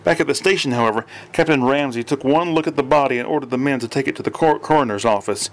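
Male audiobook narrator, steady reading, mid pitch, sometimes restarts a word. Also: fast.

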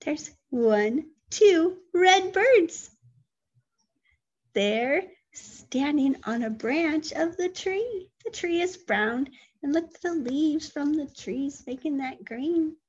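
A woman teacher reading a picture book aloud to toddlers, gentle and full of questions, with animated sound effects. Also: sits high, slow, lo-fi sound. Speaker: early childhood teacher.

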